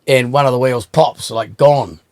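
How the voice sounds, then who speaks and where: A middle-aged man hosts a relaxed chat and tells cheeky, dry-humoured stories, swearing freely. His voice sits at a middling pitch and the sound is dry and close. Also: moderate pace, dry recording. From New Zealand. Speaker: host. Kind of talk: casual chat.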